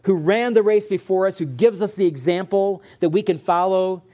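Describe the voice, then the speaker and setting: A man delivering an expository sermon in a somewhat high voice. He preaches earnestly and with emphasis, leaning hard on key words as he teaches. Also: normal speed, mellow. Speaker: pastor.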